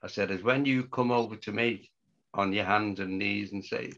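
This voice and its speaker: An older man, a guest storyteller, spins a tale in a casual interview, his voice sitting on the low side at a normal pace. He's animated, acting out what people said and laughing often. The recording is muffled and lo-fi.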